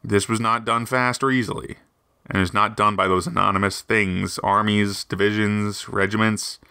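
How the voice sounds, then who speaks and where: A man reads a wartime account aloud as a podcast host. He stumbles and restarts often. His voice is low and gravelly with a bright, forceful edge, and it sounds dry and close. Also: flat delivery, no room sound. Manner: halting, with frequent restarts. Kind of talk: reading aloud.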